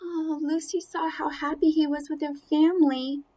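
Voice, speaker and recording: A woman reading a picture book aloud to children, animated and playful, with chatty asides about the pictures. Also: high voice, moderate pace. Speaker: storybook reader.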